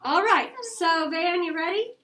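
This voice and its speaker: High-pitched lady teacher running a math class, quick, keeps asking the kids questions. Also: sharp tone. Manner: brisk, coaxing questions to the class. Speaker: elementary school teacher.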